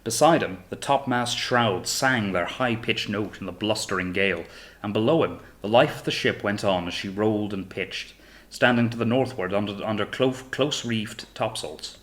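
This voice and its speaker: A male narrator reading an audiobook in a steady, measured way. His voice sits on the lower side.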